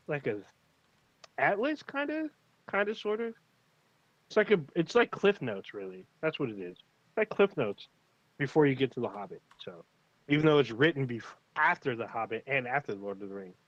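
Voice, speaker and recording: A man's voice: mid-range voice, no echo, highs cut off. A man co-hosting a casual livestream chat, talking in a laid-back, rambling way with plenty of swearing and fillers. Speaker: podcast co-host.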